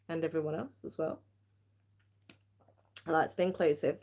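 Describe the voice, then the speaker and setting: A woman's voice: low-pitched, steady tone, moderate pace, long pauses, warm tone. A woman hosting a tarot livestream, chatty and giggly, a bit tired. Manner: chatty, giggly, self-mocking. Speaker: tarot-reading livestream host. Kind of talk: casual live-stream chat.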